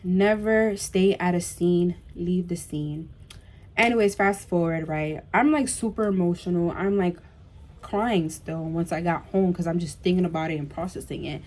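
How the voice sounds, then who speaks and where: A young woman vlogger telling a storytime tale in an animated way, full of "like" and "bro" and emphatic repeats. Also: lowish voice, moderate pace. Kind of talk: storytime vlog.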